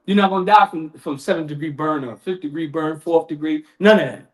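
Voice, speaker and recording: A man's voice: fairly high pitch, a little fast. A man giving a sermon at a community event, in casual street talk, dramatic and acting out voices. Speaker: lecturer.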